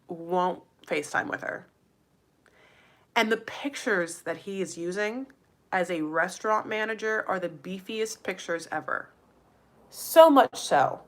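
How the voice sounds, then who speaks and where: A woman's voice: fairly low pitch, a bit bright. A woman recapping a reality show in a casual, gossipy chat, full of "like" fillers and playful asides to her viewers. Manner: addresses viewers directly as "you guys" and "honey". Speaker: recap vlogger.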